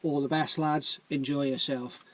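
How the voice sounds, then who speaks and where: A man's voice: on the high side, level tone, a little slow, dry recording, pitched below the performer's own voice, lightly acted, rough recording. A man voicing a brash, jovial male building site foreman, full of crude laddish banter.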